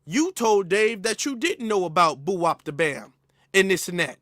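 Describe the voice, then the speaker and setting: A man hosting a reaction commentary, animated and mocking. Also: sits high, moderate pace, dry recording, clean studio sound. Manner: animated, mocking impressions of others. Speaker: commentary host.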